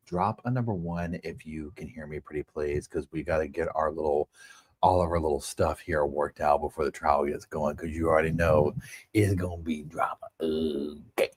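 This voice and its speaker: A man hosting a casual livestream, chatting to viewers in a quiet, hushed voice at home on a wireless microphone. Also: rumbling low, normal speed, breathy edge, no room sound. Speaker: livestream host. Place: at home with neighbors next door.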